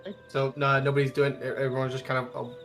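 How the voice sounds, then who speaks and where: A man's voice: medium pitch, monotone, fast, fairly bright tone, soft background music. A man narrating a tabletop game as game master, in loose, rambling sentences full of fillers.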